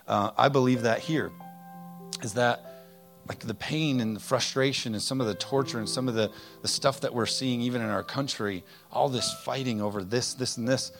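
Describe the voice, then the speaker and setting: A man preaching a conversational, energetic sermon full of rhetorical questions. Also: medium pitch, normal speed, faint music behind. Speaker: pastor.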